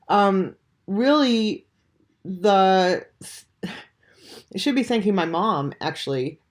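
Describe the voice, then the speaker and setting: A vlogger in their forties, stuffed up and under the weather, talking softly to camera at home at dawn with many ums and restarts. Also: mid-range voice, expressive, slow, pauses often. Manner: hesitant, full of ums and restarts. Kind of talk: casual talk to camera.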